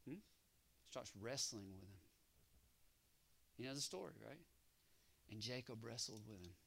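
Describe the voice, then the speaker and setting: A man preaching a sermon who moves from hushed storytelling to loud exhortation and keeps calling for an amen from his congregation. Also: medium pitch, animated, unhurried, creaky, breathy edge. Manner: calls for congregation response.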